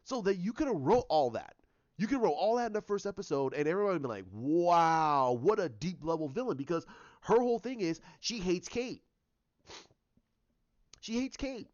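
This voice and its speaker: A man giving a ranting commentary, animated and repetitive, often restarting his sentences. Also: sits high, a little fast, long pauses, no room sound, dull audio. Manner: animated, repeats himself, many restarts.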